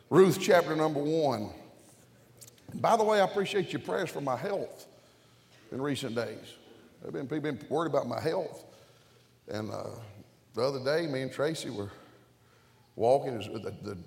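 A preacher with a gravelly voice tells folksy stories and jokes in his sermon. His voice carries into a long-reverberating hall. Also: mid-range voice. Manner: folksy, jokey storytelling. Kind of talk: storytelling sermon. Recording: echoey church hall.

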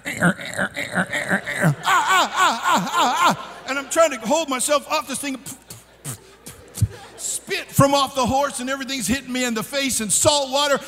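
A man preaching at a youth conference, telling a comic story with shouts and laughs. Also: extremely high pitch. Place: large conference hall. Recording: long hall reverb.

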